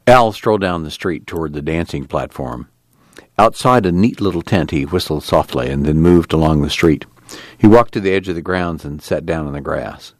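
A man narrating a novel in a measured, expressive storytelling manner. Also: a bass voice, no echo. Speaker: audiobook narrator.

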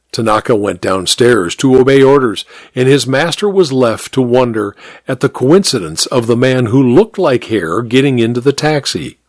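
Guy reading a mystery audiobook, lots of pitch movement, dry close mic. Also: expressive, normal speed, dry recording. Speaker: narrator.

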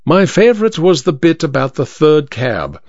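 A man voicing a shrewd Victorian detective who talks in a crisp, bland, self-assured way, in a storybook reading. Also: fairly high pitch, big pitch swings, moderate pace, darkish tone, dry recording. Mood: explaining. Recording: dry, slightly dull recording.

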